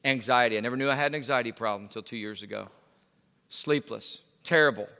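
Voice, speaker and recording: A man's voice: mid-range voice, fast talker, gravelly, pushed and bright, in a large hall. A male pastor preaching a sermon in a conversational way, full of fillers and restarts. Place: church sanctuary.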